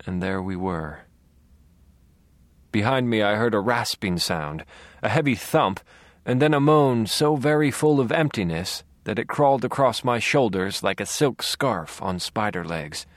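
A man narrating a dark first-person audiobook in a low, brooding, measured voice on a close studio mic. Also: expressive, no room sound.

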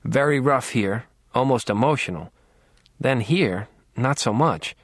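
Dude doing a flat matter-of-fact coworker guy, broken english, dry close mic. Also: mid-range voice, a little slow, dry recording. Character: blunt male forensic coworker, non-native English.

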